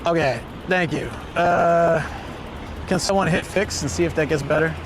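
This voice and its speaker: A man hosting a casual live stream outdoors on city streets, chatting and telling stories in an excitable way. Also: fairly high pitch, moderate pace. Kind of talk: casual live-stream chat while touring. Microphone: portable streaming rig. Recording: busy street noise.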